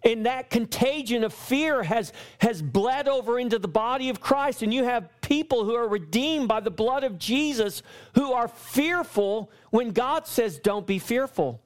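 A man preaching a sermon as pastor, pressing his points with repeated lines and slowing down when he quotes scripture. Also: very high-pitched, animated.

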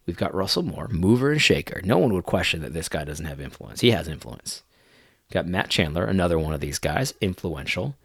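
A low-voiced man with a gravelly edge comments on a video clip, mocking what he hears. His pitch swings widely as he jumps between disbelief and sarcasm, and he often restarts his sentences. The recording is dry and close. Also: very animated, a little fast, no echo. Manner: incredulous, mocking, many restarts.

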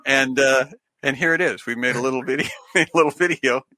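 A man's voice: mid-range voice, brisk, bright, forceful tone, no echo, poor audio. A man co-hosting a live comedy stream, chatting and laughing in a playful way. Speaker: comedy show co-host. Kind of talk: casual live-stream banter.

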